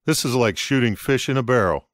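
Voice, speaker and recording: A man voicing a brash, excitable English male trader who speaks bluntly and exclaims freely. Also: mid-range voice, fairly quick, no room sound, studio quality, lightly acted. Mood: excited.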